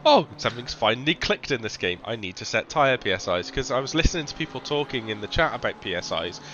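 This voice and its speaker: A man commentating a sim racing stream in a relaxed, chatty way, with lots of ums and restarts. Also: mid-range voice, fast, dull audio. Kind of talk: casual live-stream commentary. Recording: noticeable background noise.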